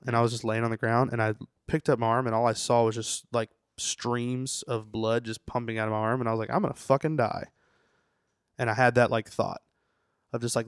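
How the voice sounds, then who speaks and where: A man's voice: medium pitch, dry recording, studio quality. Profane young man telling a story. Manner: rambling, profane, lots of "you know". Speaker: tattooer guest. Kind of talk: casual storytelling interview.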